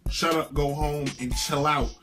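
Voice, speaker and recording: A man's voice: fairly high pitch, steady tone, unhurried. A man hosting his own sports show, giving brash, opinionated takes in a sing-song, ranting way. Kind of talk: opinionated sports commentary monologue. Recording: music bed underneath.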